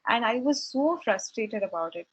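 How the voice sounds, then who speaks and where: Earnest young woman, husky voice. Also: a little high, animated, normal speed. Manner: earnest, reflective storytelling with hesitant restarts. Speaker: satsang speaker sharing her story. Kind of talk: personal testimony talk.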